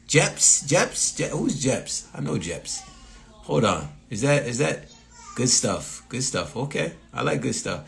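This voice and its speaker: A man's voice: mid-range voice, very animated, slow, gravelly, a bit bright. A man from Massachusetts with a local accent, a comedian hosting a casual live stream, rambling with lots of fillers and restarts as he reads viewer comments aloud.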